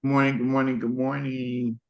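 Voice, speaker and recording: A man sharing a personal testimonial on a video call, animated and acting out what others said. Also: mid-range voice, moderate pace, lo-fi sound. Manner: animated storyteller acting out quotes. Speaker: webinar participant sharing a testimonial. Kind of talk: casual personal story.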